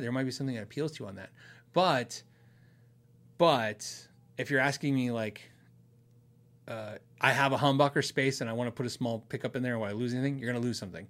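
A middle-aged man from Arizona, USA, hosts a guitar channel and podcast, chatting casually as he rambles through viewer questions, often laughing and restarting sentences. His medium-pitched voice is fast, a bit bright, with lively intonation.

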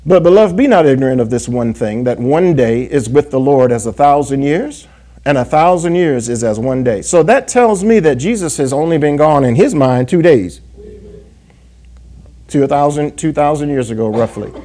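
Man preaching with a dark, warm voice. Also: a little high, lively intonation, moderate pace. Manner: call-and-response asides, frequent "yes?" and "amen?"; reads scripture aloud in King James wording. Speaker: pastor. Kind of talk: sermon.

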